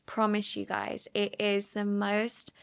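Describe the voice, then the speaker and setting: A woman's voice: medium pitch, monotone, slow pace, vocal fry, fairly bright tone, clear, resonant tone. A young woman talking as a wellness entrepreneur and podcast guest, earnest, with frequent restarts. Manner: earnest, many restarts and fillers. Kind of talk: casual chat.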